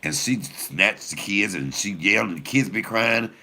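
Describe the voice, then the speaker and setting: A man's voice: lowish voice, normal speed. A man, a comedian, telling profane stories casually and straight to his viewers with a laugh in his voice. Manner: animated, profane, laughing storyteller; addresses viewers directly.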